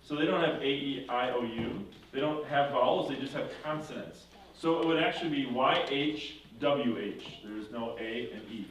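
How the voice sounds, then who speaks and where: A man's voice: mid-range voice, moderate pace, few pauses, fairly bright tone, recorded from a distance, a little hiss or hum. Man teaching in an echoey room. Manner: conversational, checking in with 'right?'. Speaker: confirmation teacher. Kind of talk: casual classroom lesson.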